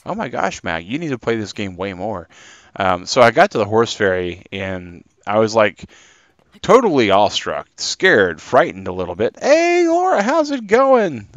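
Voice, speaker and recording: A man's voice: lowish voice, very animated, normal speed, a bit bright, no room sound, muffled recording. A man live-streaming a game, chatting and rambling casually to his viewers. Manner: chatty and rambling, talking to chat.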